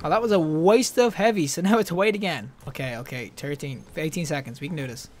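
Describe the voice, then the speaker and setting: Young male gamer, high-pitched and excitable, live play commentary, faint background noise. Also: a little fast. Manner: excitable, yelps and laughs at deaths. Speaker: gaming YouTuber.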